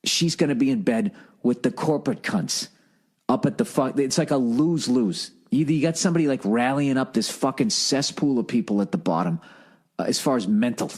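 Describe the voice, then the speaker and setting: A man's voice: fairly low pitch, darkish tone, husky. A man hosting a podcast, ranting in an exasperated, profane monologue while jet lagged. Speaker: podcast host.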